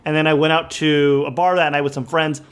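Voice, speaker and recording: A male podcast co-host with a slightly raised pitch who delivers wry, deadpan jokes. He moves between quick stories and announcements in a relaxed, chatty way. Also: smooth. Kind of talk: casual podcast banter.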